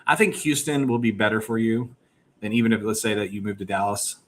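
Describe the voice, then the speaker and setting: A man's voice: fairly low pitch, slight background noise. A middle-aged man hosting a casual podcast chat, upbeat and rambling as he geeks out about movies. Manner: upbeat, geeky, quick rambling. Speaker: podcast host.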